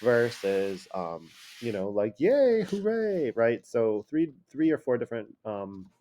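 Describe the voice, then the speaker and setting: A male high school teacher giving a casual classroom lecture, acting out example phrases in different tones. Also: measured pace, dark tone, a little hiss or hum. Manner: casual, acts out quoted phrases with shifting tone.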